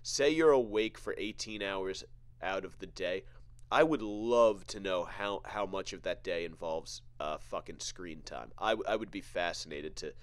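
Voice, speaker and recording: A man hosting a podcast, delivering a profane, sarcastic comedic rant full of halting restarts. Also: sits low, no room sound. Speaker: podcast host.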